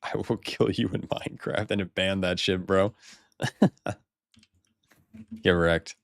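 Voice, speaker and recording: Low-pitched American guy, laid-back game streamer, swears freely, dry close-up sound. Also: fairly even intonation, slow pace, gravelly, dry recording. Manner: loose, rambling, swears a lot, laughs often. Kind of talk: casual live-stream chat.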